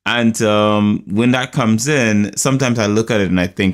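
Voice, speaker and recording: A man's voice: lowish voice, steady tone, moderate pace. A man from the United Kingdom hosting a podcast in casual chat, rambling with lots of fillers, in a groggy morning voice. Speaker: podcast host.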